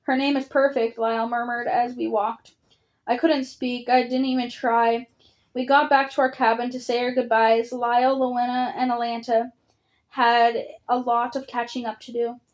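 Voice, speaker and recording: A woman reading a children's novel aloud in first-person narration, even and measured. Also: fairly high pitch, poor audio. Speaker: audiobook reader.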